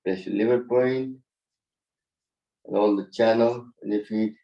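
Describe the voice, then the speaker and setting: A man's voice: lowish voice, steady tone, a little slow, creaky, dark tone, distant mic, highs cut off. Man guiding a yoga class. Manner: gives short spoken cues, non-native English phrasing. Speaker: yoga instructor.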